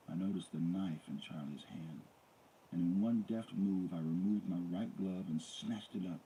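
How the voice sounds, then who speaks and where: A man's voice: low-pitched, normal speed, warm tone, a little hiss or hum, rough recording. A man reading a first-person story aloud in a dramatic, intense manner. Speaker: audiobook reader.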